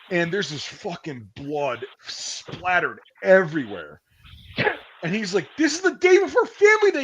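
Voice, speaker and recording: A man's voice: mid-range voice, dull audio, a little hiss or hum. A man hosting a stream, telling stories in a casual, profane, rambling way. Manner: profane, rambling, animated storytelling. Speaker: stream host. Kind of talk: casual storytelling chat.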